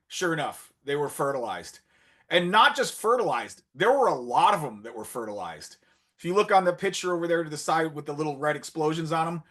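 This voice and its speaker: Man telling a lively fish story. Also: a little high. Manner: animated anecdotal storyteller acting out dialogue. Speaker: marine biologist. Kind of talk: conference talk storytelling. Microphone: video call.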